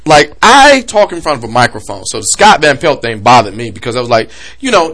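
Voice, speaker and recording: A man's voice: mid-range voice, a little fast. A man hosting a podcast, delivering a heated, comedic rant about sports coverage with lots of energy. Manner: animated, heated ranting. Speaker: podcast host.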